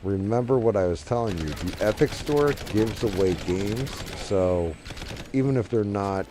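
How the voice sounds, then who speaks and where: A man's voice: on the low side, lively intonation, measured pace, music in the background. A middle-aged man hosting a stream, chatting casually and rambling while gaming, swearing offhandedly into a desk microphone. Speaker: streamer, host.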